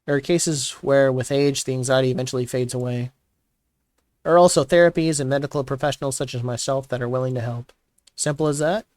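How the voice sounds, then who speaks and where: A man's voice: mid-range voice, a little fast, no echo, lightly acted. A man reading as a matter-of-fact psychiatrist. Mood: calm. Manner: flat, reassuring, clinical.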